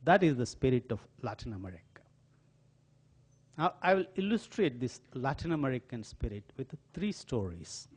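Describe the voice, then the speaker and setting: A man's voice: medium pitch, moderate pace, breathy edge. An older man with an Indian accent, giving a lecture full of dramatically told stories in an auditorium. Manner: animated, dramatic storytelling. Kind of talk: storytelling lecture.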